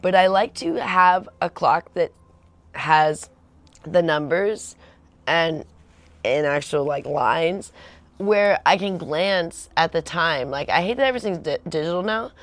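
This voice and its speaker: In a dry recording, a woman hosting a home livestream talks in a slightly slow, low-leaning voice. Her chat is rambling and casual, full of laughter and imitations of the people she quotes.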